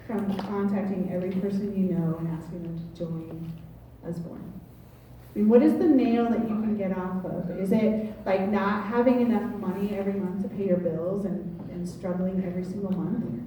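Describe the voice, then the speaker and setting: A woman team leader giving a motivational sales talk to a room, telling stories in an animated way, heard from far off. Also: mid-range voice, normal speed, very echoey, slight background noise. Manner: animated storytelling, laughs often. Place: meeting room with audience. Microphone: far from the mic.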